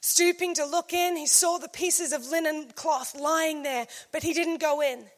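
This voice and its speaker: A woman preaching a sermon, swinging from loud emphasis to hushed scripture reading. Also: sits high, steady tone, a little slow.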